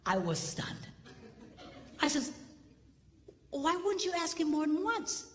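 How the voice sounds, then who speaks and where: A man's voice: very high voice, slow pace. A middle-aged man, a pastor, giving a comedic marriage seminar to an audience, telling stories and teasing the listeners. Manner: animated storytelling, teasing the audience. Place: large hall before an audience. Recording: reverberant hall.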